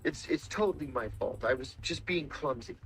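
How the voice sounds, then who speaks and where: A middle-aged man, a former intelligence officer, telling stories in a measured, dramatic way and acting out the quotes. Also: mid-range voice, expressive, fairly bright tone, faint music behind. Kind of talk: storytelling interview talk.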